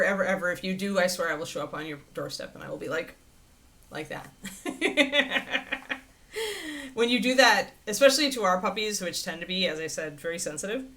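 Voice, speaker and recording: A woman hosting a livestream, chatting casually and answering viewers' questions in a rambling, animated way with frequent laughter. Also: fast. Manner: animated, swinging pitch into playful quoted voices. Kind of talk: casual chat.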